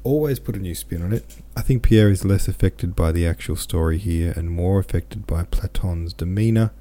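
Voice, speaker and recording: A man hosting a podcast, reading a classic novel chapter aloud and chatting about listener comments in relaxed, informal asides. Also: low-pitched, moderate pace. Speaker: podcast host and reader.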